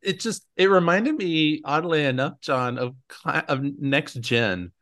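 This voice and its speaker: A man co-hosting a casual podcast, his voice a little high for a man and full of pitch swings. He talks playfully and keeps breaking into quick impressions of movie characters. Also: expressive, fairly bright tone. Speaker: podcast co-host. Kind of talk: casual chat.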